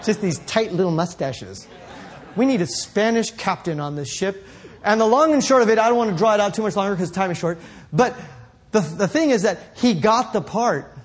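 A male preacher telling a story in a sermon, rambling and correcting himself, building up to shouts. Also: sits high, normal speed, slightly rough.

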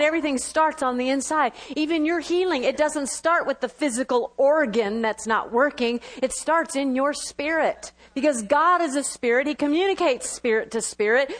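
A woman preaching a sermon, lively, with quick bursts and laughing asides. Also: high-pitched.

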